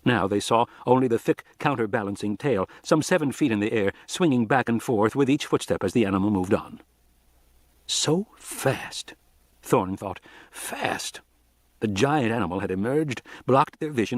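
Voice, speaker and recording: A man narrating an audiobook in an expressive, dramatic reading style. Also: lowish voice, a little fast, few pauses, dry recording.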